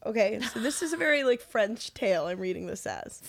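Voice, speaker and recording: A woman's voice: fairly high pitch, expressive, fairly quick, no room sound, clean studio sound. A woman in her thirties in a casual podcast chat, telling stories and laughing often. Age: 30s. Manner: chatty storyteller, laughs often.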